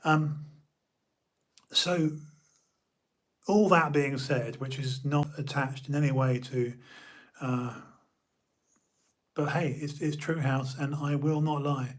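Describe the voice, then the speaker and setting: A young man from the UK, streaming an emotional personal monologue, halting and repeating his words as he talks. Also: on the high side, steady tone.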